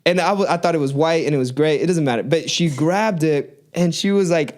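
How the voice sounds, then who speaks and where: A man's voice: fairly high pitch, fast, hardly any pauses. A man co-hosting a casual faith podcast, telling stories and acting out the dialogue in them. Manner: animated storyteller, acts out dialogue. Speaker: podcast co-host.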